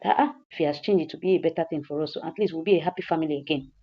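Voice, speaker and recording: A woman with a Nigerian accent voicing a daughter who gently coaxes and advises her father, in a movie recap. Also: sits low, rapid-fire, husky, highs cut off. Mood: hopeful. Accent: Nigerian English. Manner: gentle, coaxing, repetitive. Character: caring teenage daughter coaxing her father.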